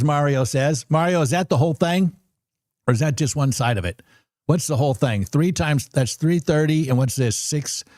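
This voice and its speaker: A chatty, excitable man talks his viewers through what he is doing live, often saying numbers twice. His voice sits a little high, and the sound is dry and close, with no room echo. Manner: chatty, repeats numbers aloud. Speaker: livestream trading host. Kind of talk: casual live-stream commentary.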